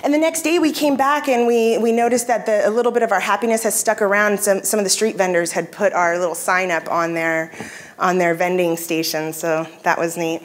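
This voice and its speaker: A woman with a mid-range voice gives a conference keynote from a convention hall stage, speaking fairly quickly with fairly even intonation. She tells stories conversationally, often using fillers and restarting sentences.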